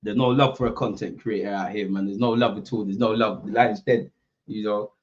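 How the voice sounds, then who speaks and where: A young man chats to his stream audience in loose, slangy banter while reacting to a football match. His delivery is animated and conversational. The audio is slightly dull, like a home livestream setup. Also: on the low side, brisk, slight background noise. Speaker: football watchalong host. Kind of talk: casual chat to live viewers.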